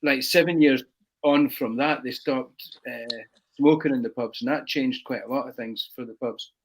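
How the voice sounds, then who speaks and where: A man co-hosts a casual chat, offering dry, reflective remarks. His voice sits at an ordinary pitch for a man. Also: moderate pace. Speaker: co-host.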